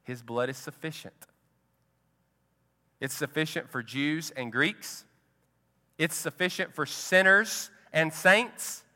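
A male pastor preaching a sermon slowly and emphatically, dropping to quiet for effect. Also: on the high side. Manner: slow, emphatic preaching with dramatic drops to quiet. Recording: long hall reverb.

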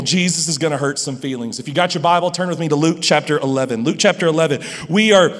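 A pastor preaches a sermon in a large church hall, playful and addressing his audience directly. His voice sits high and is a bit bright, and the recording carries long hall reverb.

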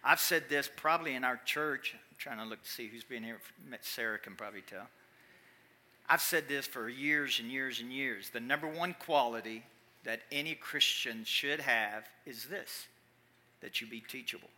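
A man preaching a sermon in church, animated, swinging from quiet asides to loud emphatic calls. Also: medium pitch, moderate pace. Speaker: pastor.

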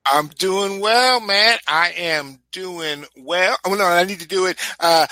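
A man's voice: high-pitched, takes it slowly, pushed and bright, no echo. A man co-hosting a podcast, riffing comically with stammering restarts. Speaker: podcast co-host, legal humorist. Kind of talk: casual podcast banter.

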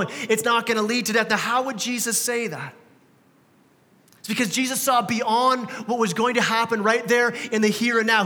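A man's voice: high-pitched, sharp tone. A man preaching a sermon as pastor, conversational and emphatic, often repeating words. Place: church. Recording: reverberant church hall.

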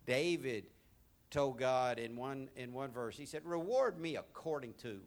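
A man preaching a sermon, swinging between loud, emphatic exhortation and soft, intimate asides, with repeated phrases. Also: mid-range voice, lively intonation, unhurried.

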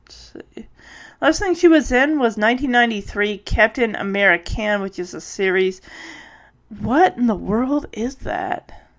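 A woman's voice: on the high side, expressive, unhurried. A woman hosting a casual solo podcast, thinking aloud with many restarts and sounding tired. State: tired, yawning. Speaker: podcast host.

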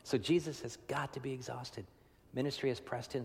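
A man preaching a sermon in a long-reverb hall. His voice sits mid-range, and he talks to the congregation like a friend, tagging lines with "right?". He swings from loud, pressing emphasis to hushed, almost whispered moments. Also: mid-range voice, fairly even intonation, a little fast. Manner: conversational, tag questions, swings from loud to hushed. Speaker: pastor.

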